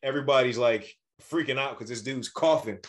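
Man, casual storytelling, animated, acts out voices, average pitch. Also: fairly quick. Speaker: podcast co-host.

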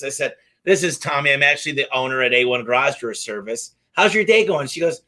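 A man who owns a service company, telling lively anecdotes in a casual interview and acting out the dialogue. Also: a little high. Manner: energetic, fast-moving anecdotes with acted-out dialogue. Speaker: garage door company owner, guest.

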